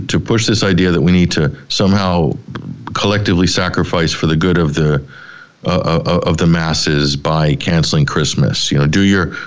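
A middle-aged man hosting a talk show, giving rambling, sardonic commentary with frequent restarts. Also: low voice. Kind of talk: opinionated commentary.

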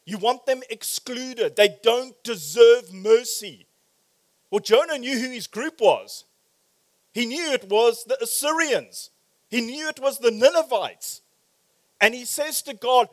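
A man preaching a sermon in a church, animated, swinging from loud exclamations to quiet, probing questions. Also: extremely high pitch, a little slow. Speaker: pastor.

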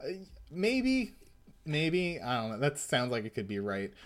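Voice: medium pitch, huge pitch swings, a little slow. A podcast host casually recapping and reading a comic aloud, laughing and swearing freely. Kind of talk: casual chat and read-aloud.

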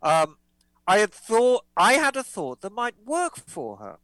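A woman's voice: medium pitch, huge pitch swings, unhurried, a bit bright, no echo, poor audio. A woman co-hosting a motorcycle podcast, reading listener letters aloud in a chatty, playful way. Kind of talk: casual podcast chat.

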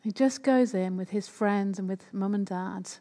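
A woman's voice: medium pitch, moderate pace, warm tone. A woman preaching a sermon in a conversational way, often turning to the listeners with questions. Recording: long hall reverb.

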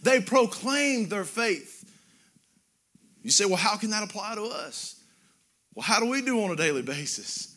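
High bright-voiced preacher. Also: male voice, very animated. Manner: drawn-out emphatic Bible quoting, rising to loud exclamations. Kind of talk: sermon.

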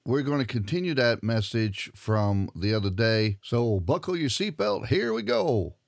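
A man hosting a religious radio broadcast, introducing a recorded sermon in a relaxed, folksy way. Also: medium pitch, unhurried, gravelly, no echo, clean studio sound. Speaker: radio host.

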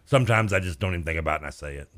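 A man's voice: deep voice, expressive, very fast, a bit bright. A man co-hosting a sports radio show in a studio, chatting casually, laughing often and rambling through fillers. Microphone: close studio mic.

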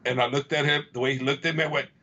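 A man's voice: medium pitch, steady tone, very fast, sharp tone, highs cut off, a little hiss or hum. A man, a fight coach, telling gym stories in a casual chat. He repeats himself and acts out what other people said. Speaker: fight coach and podcast guest.

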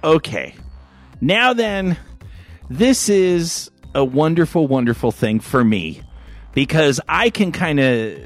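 A man's voice: fairly high pitch, slow, dry recording, soft background music. A man hosting a casual podcast chat, telling stories with a lot of energy, acting out other people's voices and swearing freely. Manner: animated storytelling, acts out voices, swears freely. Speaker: podcast host.

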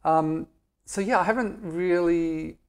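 Aussie guy being interviewed, kinda high voice, honest and jokey, pokes fun at himself. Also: takes it slowly, clear, resonant tone. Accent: Australian. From Australia. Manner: candid, joking, self-deprecating. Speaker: guest. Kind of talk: casual interview chat.

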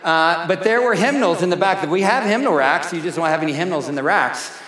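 A middle-aged pastor preaching a sermon in a church, slow and emphatic, repeating his key phrases. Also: a little high, fairly bright tone. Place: church sanctuary. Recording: echoey hall reverb.

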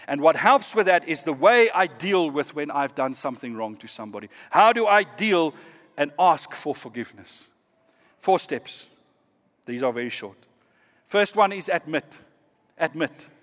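Man, pastor, sermon, earnest and measured, slightly higher voice, long hall reverb. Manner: earnest, measured, drops to quiet emphasis.

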